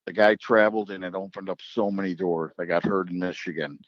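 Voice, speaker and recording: Here the same kind of speaker, a man who announces at a drag racing track, swaps stories on a relaxed podcast and imitates the people he quotes. His voice sits low with fairly even intonation and a fairly quick pace, on dull-sounding audio.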